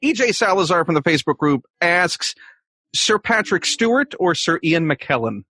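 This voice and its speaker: A man producing a live podcast, reading out listener questions and briskly moving the show along. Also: high-pitched, sing-song, sharp tone, dry recording.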